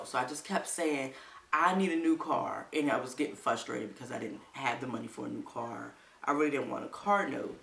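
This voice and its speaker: Animated woman telling a story, echoey room. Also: very deep voice, creaky, far from the mic. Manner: animated, quotes people in livelier voices. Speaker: vlogger. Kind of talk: casual storytelling to viewers.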